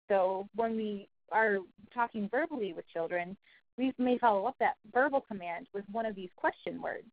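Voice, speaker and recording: A woman walks caregivers through a training lesson, explaining each point clearly and acting out example phrases along the way. Her voice comes through a narrow, phone-like channel with a dry, close sound. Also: medium pitch, dry recording. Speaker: early childhood trainer. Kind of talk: recorded training presentation.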